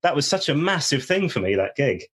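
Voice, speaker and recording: A man's voice: a little high, big pitch swings, brisk, a bit bright, breathy edge. A man hosting a fan podcast, asking eager questions and sharing his own fan memories. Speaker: podcast host. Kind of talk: podcast interview.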